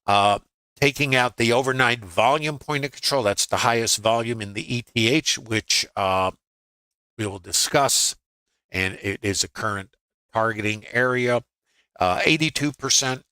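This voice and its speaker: A man's voice: mid-range voice, a little slow, sharp tone, clear, resonant tone, no echo, poor audio. An older man teaching a live trading webinar, talking conversationally with dry humor and frequent filler words. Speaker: trading educator.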